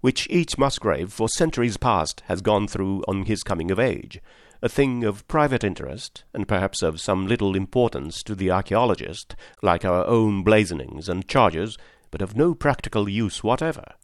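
A man narrating a story aloud in a measured, formal manner. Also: fairly low pitch, lively intonation, no room sound, studio quality. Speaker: audiobook narrator. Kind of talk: scripted narration.

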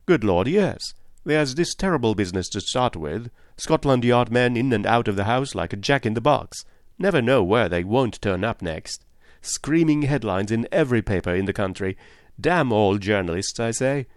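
A man reading an audiobook plays an agitated, proud country gentleman who blusters and pleads by turns, raising his voice. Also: medium pitch, lively intonation, normal speed, no echo, studio quality, close to an everyday voice. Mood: grumbling.

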